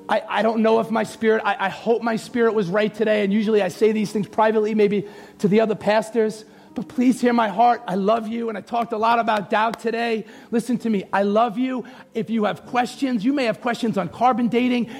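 Pastor, male, high gravelly voice, fiery shouted sermon with soft music beneath. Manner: impassioned preaching, shouting, drawn-out phrases. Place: church sanctuary.

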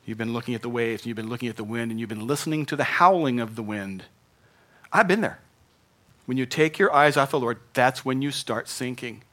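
A middle-aged pastor with a bright, forceful voice, preaching in an earnest, conversational way. His delivery keeps rising into emphatic bursts. His voice sits at an ordinary male pitch. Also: animated, fairly quick. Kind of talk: sermon.

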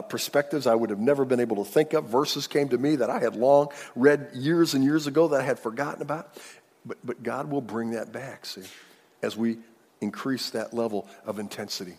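A male pastor delivers a sermon in a relaxed, conversational manner, often doubling words as he goes. His voice is slightly husky, and it rings out with a long hall reverb. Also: mid-range voice, normal speed. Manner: conversational preaching with repeated words and acted prayers.

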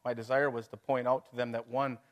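A middle-aged man preaching at a mid-range pitch. He talks his congregation through the passage in an easy, conversational way. He poses rhetorical questions and chuckles between them. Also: little pitch movement, brisk. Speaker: pastor. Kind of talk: sermon.

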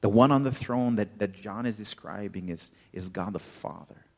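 Male pastor, lowish voice, casual rambling preaching, echoing hall. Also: moderate pace, vocal fry, a little mellow. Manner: laid-back, chatty, full of "like". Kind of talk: casual sermon. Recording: reverberant hall.

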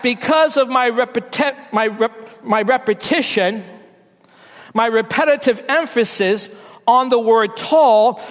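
A woman pastor delivering a sermon to her church, with slow, emphatic preaching and repetition for effect. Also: on the high side, long reverb tail.

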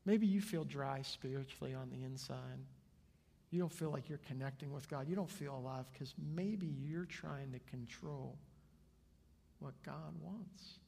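Gravelly pastor man preaching in a hall. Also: medium pitch. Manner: earnest, shifts between soft and loud. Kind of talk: sermon. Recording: long hall reverb.

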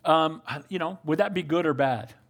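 A man's voice: a little high, moderate pace, vocal fry. An older man preaching a sermon as pastor, earnest and calling out to the congregation for amens.

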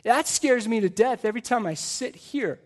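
A man's voice: very high-pitched, animated, normal speed. A middle-aged man, a pastor preaching a sermon into a pulpit microphone, earnest and emphatic, asking the congregation rhetorical questions.

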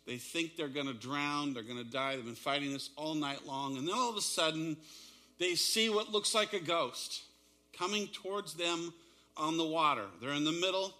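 A man's voice: on the high side, moderate pace, sharp tone. A man preaching a sermon, retelling a story dramatically with shifting pace and emphasis. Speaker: pastor.

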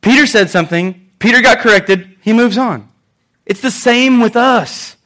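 A man preaching a sermon as pastor, animated, swinging between loud and soft, acting out quotes. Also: very high voice, moderate pace.

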